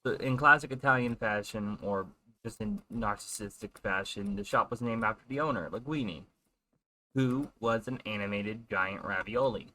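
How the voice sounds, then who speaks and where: A young man casually telling a funny dream story in an animated way. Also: fairly low pitch. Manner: animated, puts on quick character voices in quotes.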